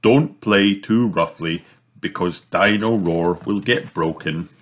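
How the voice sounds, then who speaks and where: A man voicing an easygoing father pig in a children's storybook read aloud, in a warm, chuckling voice close to his own. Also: low voice, slow pace. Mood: jolly.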